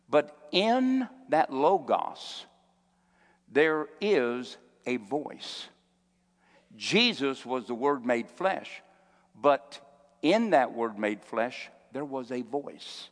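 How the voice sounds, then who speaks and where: A man preaching a sermon as a pastor, building to shouted peaks. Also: mid-range voice, big-room sound. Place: church.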